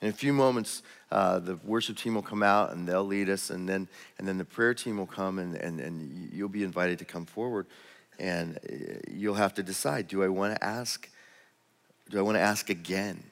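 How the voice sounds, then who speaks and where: Male pastor, deep voice, conversational sermon, church hall reverb. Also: normal speed, creaky. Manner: conversational, storytelling, with repeated restarts. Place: church auditorium.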